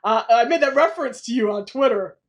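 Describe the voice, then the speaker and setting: A woman hosting a casual podcast, talking quickly and laughing often as she piles on background trivia. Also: a little high. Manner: animated, laughs often, info-heavy. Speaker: podcast host.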